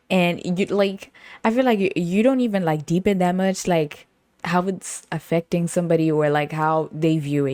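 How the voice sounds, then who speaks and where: A young woman with a low voice, telling a story in a casual, rambling way, full of slang and quick laughs. The sound is dry and close. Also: a little mellow, dry recording. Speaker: podcast host.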